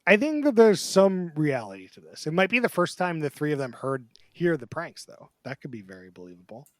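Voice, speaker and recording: Male co-host, chatty and loose, mid-high voice, dry studio sound. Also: very animated, a little fast, no echo. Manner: chatty, acts out quotes in put-on voices. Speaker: podcast co-host. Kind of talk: casual panel chat.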